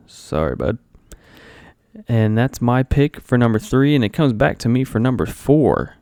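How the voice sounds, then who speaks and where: A man co-hosting a podcast in casual chat, playful and expressive, swearing casually. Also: medium pitch, measured pace, no echo, clean studio sound. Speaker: podcast co-host.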